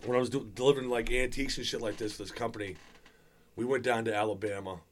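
A man with a mid-range voice swaps stories on a podcast, profane and animated, growing loud and excited as a story builds. Faint noise and clicks sit under the recording. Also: medium pitch, fast talker. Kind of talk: casual podcast chat, storytelling.

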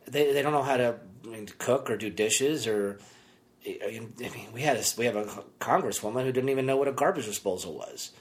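A man's voice: medium pitch, fairly quick. Rambling sarcastic man on a podcast. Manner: rambling, sarcastic, frequent restarts. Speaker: podcast co-host. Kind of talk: casual chat.

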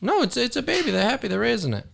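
A man's voice: extremely high pitch, very animated, racing, gravelly, a bit bright, a little hiss or hum. A man hosting a casual podcast who jokes and swears as he riffs on odd stories and ideas. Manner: profane, joking, riffs on ideas. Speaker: podcast host.

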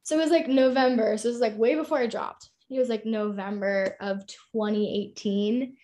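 A woman's voice: a little high, steady tone, moderate pace, warm tone. Chatty young woman telling a story. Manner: chatty, lots of "like". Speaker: guest. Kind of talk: casual storytelling.

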